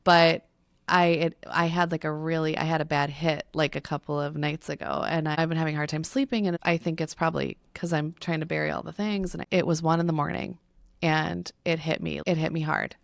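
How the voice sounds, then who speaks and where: A woman co-host talks openly and confidingly in a very low, gravelly voice. She swears now and then. The sound is dry, close to the mic. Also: little pitch movement, a little fast, no echo. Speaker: podcast co-host. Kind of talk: casual conversation.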